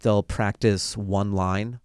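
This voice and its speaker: A comedian guest chats on a podcast in a wry, easygoing way, now and then mimicking other people. His voice sits on the low side. The recording is dry and close to the mic. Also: fairly even intonation, slow, a little mellow, clean tone, no room sound. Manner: wry, acts out mock audition voices. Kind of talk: casual podcast chat. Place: podcast studio.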